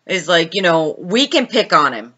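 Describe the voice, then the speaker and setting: A woman's voice: lowish voice, big pitch swings, moderate pace, fairly bright tone, slightly rough, muffled recording. A woman hosting a casual live stream, chatting and laughing as she answers viewers' comments by name.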